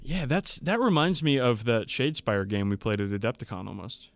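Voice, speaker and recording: A man co-hosting a podcast in casual chat, steering the talk and cutting in with quick jokes. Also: medium pitch, expressive, creaky. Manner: joking, quick interjections. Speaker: podcast co-host.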